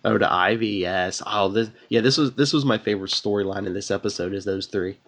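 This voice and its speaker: Low-voiced man musing in chat. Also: a little fast, a bit bright. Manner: rambling, musing, full of restarts. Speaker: podcast co-host. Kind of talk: casual TV review chat.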